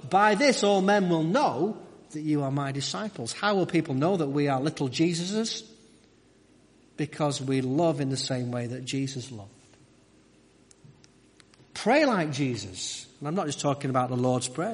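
A man's voice: fairly high pitch, breathy edge, long reverb tail. A man preaching a sermon in a conversational way, with asides and frequent restarts.

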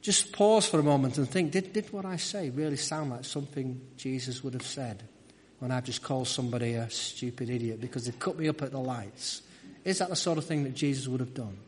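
A man's voice: medium pitch, brisk, long reverb tail, a little hiss or hum. A man preaching a sermon in a conversational way, with asides and frequent restarts.

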